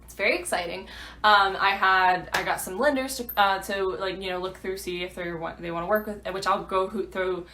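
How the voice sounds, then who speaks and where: A woman's voice: mid-range voice, fairly even intonation, brisk, sharp tone, a little hiss or hum. A woman, a new realtor, chatting through a rambling vlog update full of fillers. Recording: echoey room.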